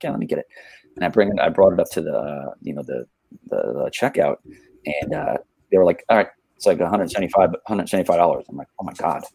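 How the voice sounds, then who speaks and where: A man with a very low, husky voice rambles through a casual story, piling up fillers and restarts. The sound is close and dry. He talks like a guest on a relaxed livestream. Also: dry recording. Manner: rambling, laid-back, many fillers and restarts.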